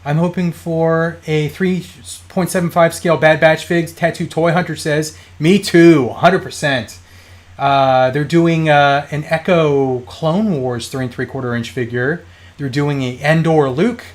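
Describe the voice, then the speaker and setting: A man's voice: on the high side, steady tone, a little slow. A man in his thirties hosting a toy collecting live stream, telling stories in a rambling, casual way with many fillers and restarts.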